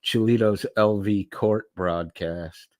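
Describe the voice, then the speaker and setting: A middle-aged man talks slowly and lazily, in a fairly low voice, as he hosts a casual livestream. He reads chat aloud and answers it with loose, profane banter. The sound is dry and close, with no room echo. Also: fairly even intonation, darkish tone. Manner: slow, drawling, profane banter. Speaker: livestream host reading chat.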